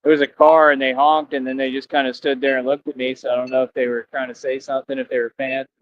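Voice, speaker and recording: A fast-talking man with a mid-range voice and flat delivery livestreams outdoors near traffic. He rambles casually, preaching and repeating himself as he asks viewers to donate, and the stream audio is dull and lo-fi.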